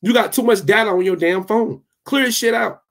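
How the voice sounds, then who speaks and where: A young man with a fairly high voice vents at his viewers in a loose, heated rant. He hammers the same lines again and again and swears without a second thought. He stops now and then to answer his live chat. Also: moderate pace. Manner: fired up, repetitive, swears freely. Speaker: tech channel host.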